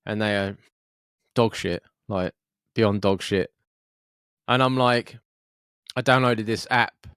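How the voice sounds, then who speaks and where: A Scottish man co-hosting a podcast, telling sweary, animated anecdotes in casual chat. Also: fairly low pitch, takes it slowly, long pauses, clear, resonant tone, no room sound, studio quality. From Scotland, Fife. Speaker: podcast co-host.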